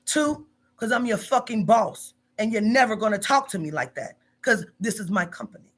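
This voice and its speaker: A woman's voice: medium pitch, animated, normal speed, slightly rough. A woman in her forties, a business owner, scolding bluntly and profanely in a heated phone argument. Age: 40s.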